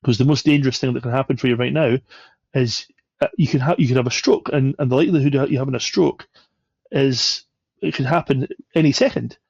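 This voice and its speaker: A man's voice: mid-range voice, fairly quick, gravelly, husky, no echo, dull audio. A man, a podcast guest, telling a story casually and animatedly, acting out the voices of the people in it. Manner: animated, acts out quoted voices.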